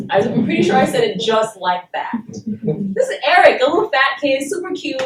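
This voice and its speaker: A woman's voice: a little high, lively intonation, normal speed. A woman from Saint Thomas in the Virgin Islands, speaking to a university class and telling a personal story in a blunt, emphatic way, with frequent swearing. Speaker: guest speaker. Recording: roomy and distant, faint background noise.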